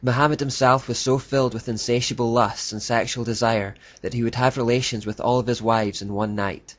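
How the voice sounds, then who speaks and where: A man reading scripted documentary narration in a measured, declarative way. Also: medium pitch, fairly even intonation. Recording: dull lo-fi dry voice-over.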